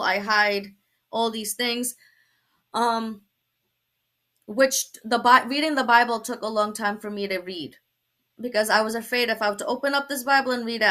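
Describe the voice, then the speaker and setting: A young woman tells her personal testimony as a guest. She sounds bright and a little high, acts out quoted dialogue and laughs easily. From Brooklyn, New York. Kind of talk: personal testimony in a talk show.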